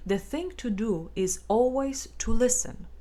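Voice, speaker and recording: A woman reads guidance aloud in a calm, measured voice. Her delivery is gentle and instructive, like a patient teacher working through a scripted self-help text. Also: fairly high pitch. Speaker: audiobook narrator.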